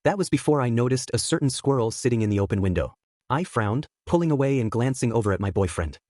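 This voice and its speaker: A man narrating a first-person story in a steady, even reading voice. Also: medium pitch, fast talker, no room sound, studio quality. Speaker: fanfiction narrator.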